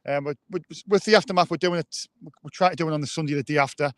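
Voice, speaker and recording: A man's voice: on the high side, quick pace, a bit bright, dry recording, studio quality. A man co-hosting a live football fan show, hesitant, with many ums and restarts. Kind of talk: live fan podcast chat.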